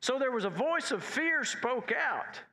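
A man preaching a folksy, repetitive cowboy-church sermon that climbs in pitch and force. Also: sing-song, unhurried, sharp tone. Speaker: pastor.

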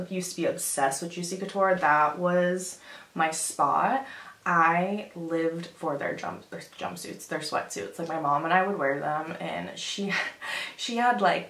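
A woman's voice: fairly low pitch, a bit bright. A young woman chatting casually through a beauty and clothing haul, filling her talk with "like" and "um.". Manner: chatty, filler-heavy, says "like" often. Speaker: beauty vlogger. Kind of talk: casual try-on haul chat. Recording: roomy echo.

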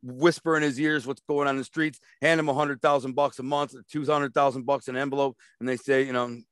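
A man's voice: mid-range voice, little pitch movement, fast talker, a bit bright, smooth, no room sound, clean studio sound. A man telling stories as an interview guest, blunt and streetwise, rambling and repeating words as he goes. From Detroit. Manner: rambling, repeats words, acts out quoted voices. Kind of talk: storytelling in a casual interview.

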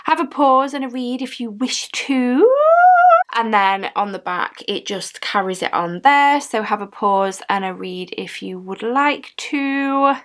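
A woman's voice: fairly high pitch, a little slow, fairly bright tone. Chatty woman unboxing. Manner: chatty and gushing, reads item cards aloud. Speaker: unboxing vlogger. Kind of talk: casual unboxing chat.

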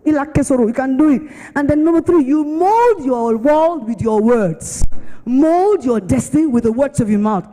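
A woman's voice: sits high, measured pace. Nigerian woman preaching in a reverberant hall. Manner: animated storytelling, acts out other voices. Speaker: pastor. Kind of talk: sermon with personal testimony. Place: church hall. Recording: long church-hall reverb.

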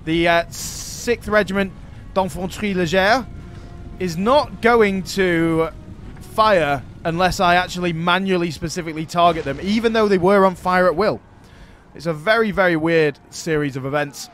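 A man's voice: high voice, normal speed, fairly bright tone, faint music behind. A man giving chatty, upbeat gameplay commentary as a gaming host. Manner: chatty and upbeat, jokes with himself.

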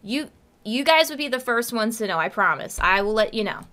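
A woman's voice: fairly high pitch, expressive, a little fast, sharp tone. A woman live streamer in casual chat with her viewers, cursing through crude mock rants.

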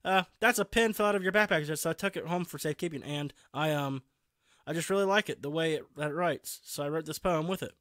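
A man's voice: a little high, fast, fairly bright tone, no room sound, studio quality, lightly acted. A man reading the lines of a cheerful, confident teenage girl who leads a school club, mostly in his own voice.

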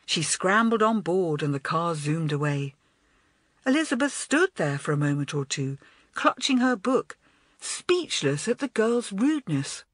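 A woman narrating a children's storybook in an expressive, animated way. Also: fairly low pitch, measured pace, no echo. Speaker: audiobook narrator.

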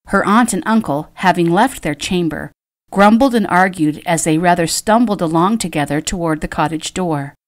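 A woman, the author, narrating her own novel in a measured, expressive audiobook reading. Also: mid-range voice.

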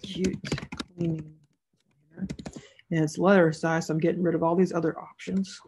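A woman's voice: lowish voice, level tone, moderate pace, a little mellow, a little hiss or hum. A woman narrating a screen-recorded tutorial as an online seller, casual and thinking aloud as she clicks through each step.

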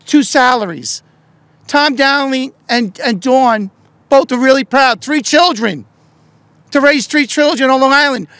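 The recording is dry: a middle-aged man, both politician and union leader, rallies a press event with a fervent, shouted speech. His voice sits at an extremely high pitch as he throws out rhetorical questions.

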